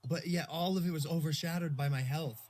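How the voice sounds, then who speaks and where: A young man hosting a casual podcast, telling a story in an animated way and swearing freely. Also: a little high, brisk. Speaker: podcast host. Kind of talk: casual chat. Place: hotel room.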